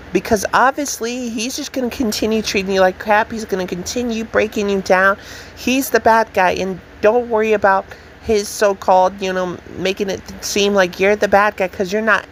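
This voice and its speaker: A woman's voice: medium pitch, a little hiss or hum. A woman co-hosting a reaction show, giving blunt, indignant commentary and swearing freely. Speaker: co-host reacting to online posts.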